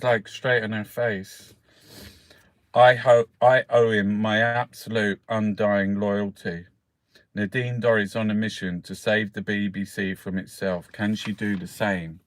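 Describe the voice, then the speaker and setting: A man's voice: on the low side, fairly bright tone. An Irish man hosting a casual newspaper review, rambling and swearing freely as he talks. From Ireland. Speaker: host.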